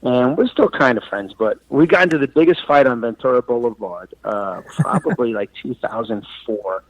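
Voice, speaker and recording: A man in his forties, a comedian and actor from New York and Florida, telling stories as a podcast guest. He acts out quoted lines loudly and swears freely. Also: mid-range voice, normal speed, dry recording. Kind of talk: casual podcast storytelling. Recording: dull, dry sound.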